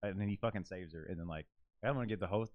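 A man's voice: sits low, rapid-fire, no room sound, dull audio. Rambling, swearing man on a podcast. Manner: rambling, filler-heavy, profane storytelling. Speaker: podcast co-host. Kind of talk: casual podcast chat.

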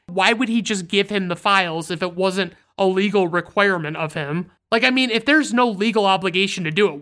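Bright-voiced, foul-mouthed woman reviewer. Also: mid-range voice. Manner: blunt, profanity-laden storytelling. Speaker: film reviewer. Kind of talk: casual film recap.

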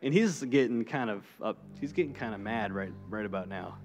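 A man's voice: on the low side, expressive, fairly quick, a little mellow, long reverb tail. A man preaching a sermon in a conversational way, often repeating words and acting out quotes. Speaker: pastor. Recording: guitar music underneath.

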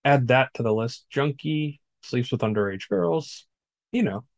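A man co-hosting a podcast recaps a film in casual, blunt, profane conversation. His voice is medium-pitched and a little slow, with no room sound.

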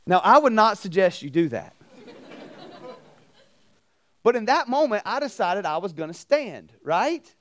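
Animated high-voiced preacher. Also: male voice, a little slow, long pauses. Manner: animated, acts out voices in anecdotes, asks the crowd questions. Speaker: campus ministry preacher. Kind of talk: storytelling sermon. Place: campus ministry meeting room.

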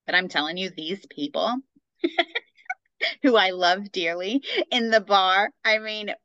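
A woman co-hosting a podcast, talking in a fast, chatty way with lots of fillers. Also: medium pitch, bright, forceful tone, no room sound. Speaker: podcast co-host. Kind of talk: casual chat. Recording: dull lo-fi sound.

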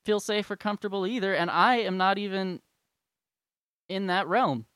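A man's voice: high voice, normal speed, fairly bright tone, clean tone, no echo, clean studio sound. A young man ranting, heated, profane and sarcastic. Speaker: vlogger. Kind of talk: angry rant.

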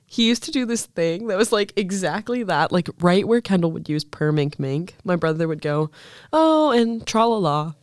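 A woman's voice: lowish voice, a little mellow. A young woman co-hosting a podcast in casual chat, teasing her friend and laughing easily. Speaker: podcast co-host.

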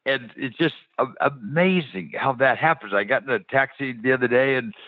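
A man's voice: mid-range voice, normal speed, dry recording. A man speaking as a guest on a radio interview, telling faith stories in a passionate, eager way and often restarting his sentences. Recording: dry, tinny phone-like radio sound.

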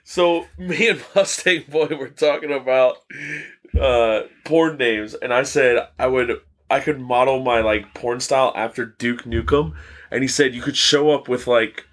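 A man's voice: medium pitch, unhurried, a bit bright. A man telling crude stories in casual podcast chat, swearing a lot and laughing at his own jokes. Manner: profane, laughing storyteller. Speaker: podcast co-host.

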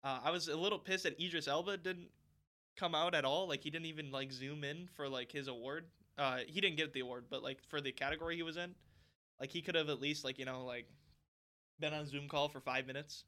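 A young man co-hosting a podcast in casual chat, rambling with lots of fillers and getting loud when excited. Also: on the high side, brisk. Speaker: podcast co-host.

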